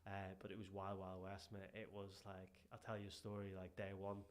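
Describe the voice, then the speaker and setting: Irish guy, kinda low voice, rambling through gym stories, keeps saying mate. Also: brisk. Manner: lively anecdotal storyteller, calls the host "mate". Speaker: guest, strength and conditioning coach. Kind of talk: casual podcast interview chat.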